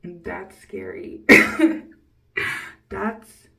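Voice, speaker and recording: A woman's voice: medium pitch, drawn-out words, vocal fry, bright, forceful tone. Early 20s girl talking to her camera, rambly and blunt, cusses a lot, mic kinda far away. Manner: blunt, rambling, swears freely, laughs often. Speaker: vlogger. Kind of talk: candid personal storytelling to camera.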